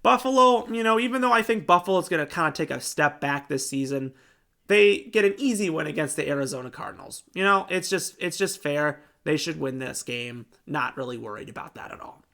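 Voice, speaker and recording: A young man hosting a sports show, giving casual game predictions in an excitable, animated way. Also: fairly high pitch, fairly quick, gravelly. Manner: excitable, animated fan talk.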